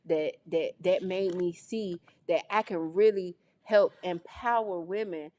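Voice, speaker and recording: A woman from North Carolina, a guest in a casual interview, telling her story with lively, acted-out quotes. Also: fairly low pitch, measured pace. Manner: animated, acts out quoted voices. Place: studio on location.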